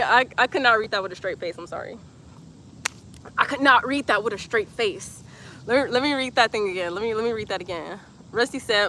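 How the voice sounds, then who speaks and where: A yoga instructor streams an outdoor class live, her slightly high voice pushed and bright at a normal speed, with slight background noise. She reads comments in a chatty, playful way, laughing a lot and breathing out her cues.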